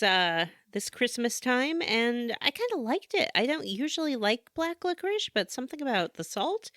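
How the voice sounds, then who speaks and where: Female podcast co-host, deadpan teasing trivia reader, dry close mic. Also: on the high side, no room sound. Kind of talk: casual podcast chat.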